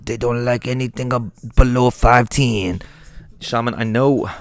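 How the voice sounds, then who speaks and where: A man's voice: medium pitch, fairly even intonation, unhurried, soft background music. A man hosting an improvised comedy rant, talking in an exasperated, profane and irritable way.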